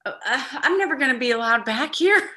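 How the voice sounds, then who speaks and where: A playful woman from Texas chats on a comedy panel, her speech full of giggles. Her voice is bright and a touch high, with a lively pitch that swings up and down as she talks. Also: a little fast. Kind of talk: casual comedic chat.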